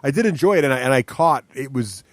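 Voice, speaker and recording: A man's voice: mid-range voice, lively intonation, fast talker, no room sound. A man co-hosting a podcast in casual chat, blunt and opinionated. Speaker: podcast co-host.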